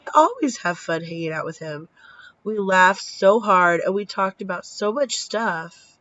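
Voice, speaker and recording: An unhurried woman with a medium-pitched voice narrates a story on her casual vlog. In her thirties and low on sleep, she stays animated, playing out the dialogue and swearing casually, over dull, lo-fi audio.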